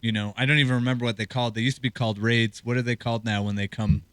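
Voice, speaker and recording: Hoarse male hockey reporter, scratchy throat. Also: medium pitch, flat delivery, rapid-fire, fairly bright tone, no echo. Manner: loose, rambling conversational delivery. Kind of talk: sports talk show chat.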